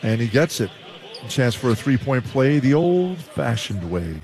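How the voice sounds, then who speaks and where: A Canadian former player, now a male color commentator, who breaks down basketball plays in a relaxed, explanatory way. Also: medium pitch, a little slow. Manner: relaxed, explanatory, with frequent "uh" and restarts.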